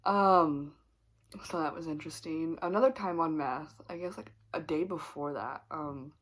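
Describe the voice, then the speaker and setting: A woman's voice: sits low, normal speed, a bit bright. A young woman vlogger telling a candid, rambling story with lots of fillers and laughter. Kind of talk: storytime confession.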